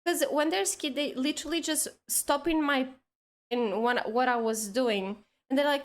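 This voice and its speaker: A woman's voice: high-pitched, normal speed. A woman chatting casually on a drawing stream, telling stories and acting out the kids she teaches. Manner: animated storytelling, acting out kids' voices. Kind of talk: casual chat while drawing.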